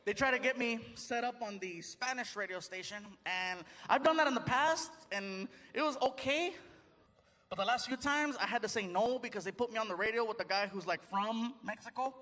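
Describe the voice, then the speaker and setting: A man's voice: very high-pitched, normal speed. A man performing stand-up comedy on a theater stage, telling stories animatedly and slipping into put-on voices. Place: large theater stage before a live audience. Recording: live theater recording with loud crowd laughter.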